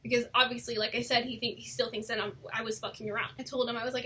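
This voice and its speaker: A young woman telling a personal story in a casual, animated way, swearing often and saying "like" a lot. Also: a little high, very fast, husky. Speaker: storytime vlogger.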